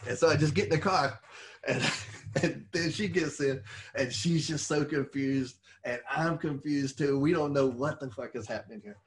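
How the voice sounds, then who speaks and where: A middle-aged man telling stories in casual chat, animated and swearing freely. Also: on the high side, moderate pace. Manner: animated storyteller who swears freely and laughs at his own stories. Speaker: podcast co-host and former wrestler.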